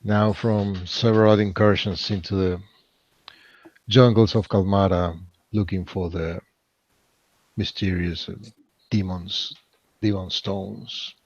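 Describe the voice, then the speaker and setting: A man playing a tabletop game, speaking slowly and hesitantly. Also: low voice, fairly even intonation, a little mellow, no echo. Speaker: player. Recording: dull lo-fi call audio.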